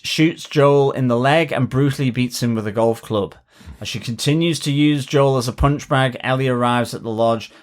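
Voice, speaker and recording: A man co-hosting a podcast, reading a plot recap steadily and then chatting loosely with many fillers. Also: medium pitch. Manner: reads plot recap in a measured way, then chats with frequent fillers and restarts. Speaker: podcast co-host. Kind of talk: casual podcast review chat.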